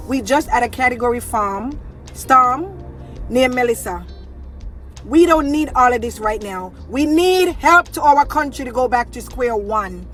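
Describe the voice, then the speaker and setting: A woman's voice: sits high, fairly bright tone. A woman with a Jamaican accent ranting heatedly, scolding and mixing in patois. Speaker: viral video poster. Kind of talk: angry rant.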